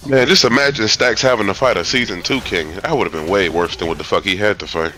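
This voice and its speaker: A man's voice: lowish voice, quick pace, pushed and bright, faint music behind, rough recording. A man chatting casually about a gaming match, telling it with animation and laughter.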